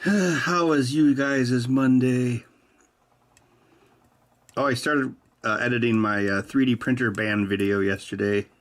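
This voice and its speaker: A man's voice: medium pitch, steady tone, takes it slowly, pauses often. A man hosting a casual livestream while he works, rambling along with dry, teasing humor. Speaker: host of a hardware hacking stream.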